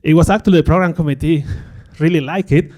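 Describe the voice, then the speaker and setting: A man giving a conference talk before an audience, speaking candidly and poking fun at himself, with frequent laughs and lively acted-out quotes. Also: fairly high pitch, fast talker. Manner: candid, self-deprecating, laughs often; acts out quoted remarks in a livelier voice.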